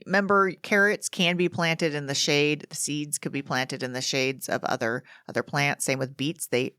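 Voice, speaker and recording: A woman's voice: deep voice, steady tone, normal speed, fairly bright tone, smooth, no echo, studio quality. A woman hosting a gardening podcast, chatting in a rambling, casual way with frequent restarts. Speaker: garden show host.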